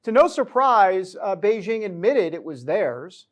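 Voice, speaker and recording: A man's voice: sits high, sing-song, a little slow. A man hosting a talk show, giving comedic news commentary in a sarcastic, joking way.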